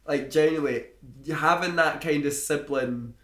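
A man's voice: a little high, normal speed, a bit bright, reverberant. A young man in casual chat as a podcast co-host, teasing, swearing and laughing often.

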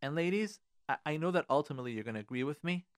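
A man's voice: on the high side, lively intonation, racing, no room sound, studio quality. A man, a rabbi, giving earnest, direct marriage advice on a radio talk show and repeating phrases for emphasis.

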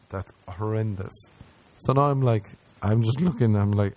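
Crude self-mocking comedian. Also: male voice, lowish voice, warm tone. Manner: crude, self-mocking, acts out scenes in quick voices. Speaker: stand-up comedian. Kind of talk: stand-up storytelling.

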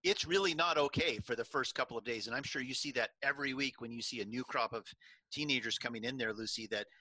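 A middle-aged man hosting a faith-based talk, asking reflective, measured questions. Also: medium pitch, sharp tone, no echo, poor audio. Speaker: podcast host.

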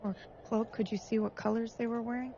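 A woman playing a tabletop game, talking softly and casually with filler words. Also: on the high side, flat delivery, a little fast, slight background noise. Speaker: player. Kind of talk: tabletop role-play chat. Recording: dull lo-fi sound with faint music.

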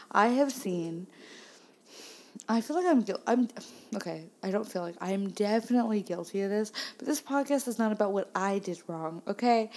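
A woman hosts her own podcast alone, chatting casually at a middle pitch. She rambles from one complaint to the next with dry sarcasm and plenty of swearing. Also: creaky, darkish tone. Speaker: podcast host. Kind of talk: casual solo podcast monologue.

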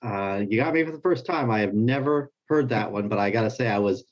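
A man co-hosting a podcast, giving relaxed, measured commentary in casual chat. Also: fairly low pitch, dull audio. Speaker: podcast co-host.

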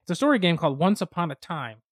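Man, podcast co-host, casual chat, quick animated storytelling, dry recording. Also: a little high, no room sound. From United States. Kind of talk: casual chat about board games.

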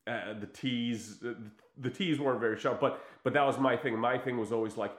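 A man's voice: mid-range voice, fairly quick. Chatty middle-aged man in an echoey room. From United States and former Yugoslavia. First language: Croatian. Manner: animated, rambling storyteller with many fillers. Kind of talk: casual chat. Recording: roomy echo.

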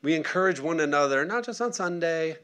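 A pastor in his thirties preaching a sermon, animated and conversational, acting out quotes and asking the congregation for responses. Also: fairly high pitch, a little fast, clean tone.

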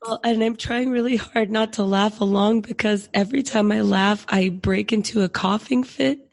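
A woman's voice: medium pitch, fairly even intonation, normal speed, creaky, no echo. A woman podcast co-host chatting casually and self-deprecatingly while sick with a cold. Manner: chatty, self-deprecating, laughs through her words. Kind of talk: casual chat.

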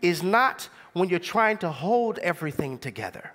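A young adult man delivers a sermon in an animated, conversational style, firing rhetorical questions at the congregation. His voice sits high, and he keeps a moderate pace.

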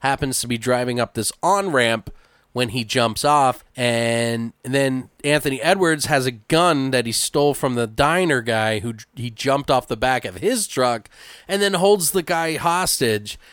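A man's voice: mid-range voice, unhurried, fairly bright tone, dry recording, clean studio sound. A man hosting a podcast, retelling a film in a rambling way, full of fillers and swearing. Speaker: podcast host. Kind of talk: casual chat.

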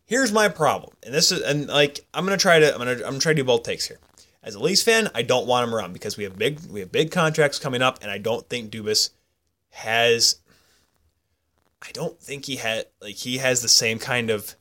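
Rambling podcast co-host, bright clear tone, goofy, keeps cutting himself off. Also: male voice, mid-range voice, animated, brisk. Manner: rambling, goofy, self-interrupting storyteller. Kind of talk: casual banter podcast.

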